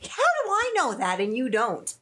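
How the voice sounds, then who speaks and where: A woman in a casual podcast chat, giggling and tossing in quick interjections. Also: sits high, huge pitch swings, a loud crowd.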